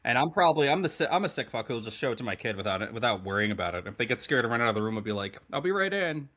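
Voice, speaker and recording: A man co-hosting a podcast in casual chat, animated and rambling, swearing freely. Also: lowish voice, very fast. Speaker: podcast co-host.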